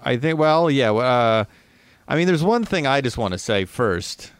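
A man's voice: medium pitch, big pitch swings, measured pace, clean tone, no echo. A man co-hosting a casual comedy podcast over a video call, hesitant and wry, often restarting his sentences. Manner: hesitant, wry, self-interrupting. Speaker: podcast co-host.

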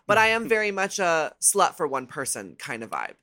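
A woman as a podcast guest, telling candid, bawdy stories in a casual, animated way. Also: fairly low pitch, normal speed. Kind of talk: casual storytelling chat.

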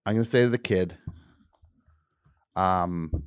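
A male radio host with a lowish voice launches into a comedic, grumbling rant. He spins the story with exasperated mock outrage, keeping it loose and conversational. The studio sound is dry and close to the mic. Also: slow, clear, resonant tone, no echo. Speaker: radio call-in show host.

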